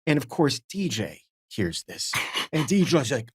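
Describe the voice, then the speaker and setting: A man's voice: mid-range voice, sing-song, unhurried, slightly rough, no echo, clean studio sound. A man co-hosting a podcast, telling self-deprecating stories in casual chat and acting out the people he quotes. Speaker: podcast co-host.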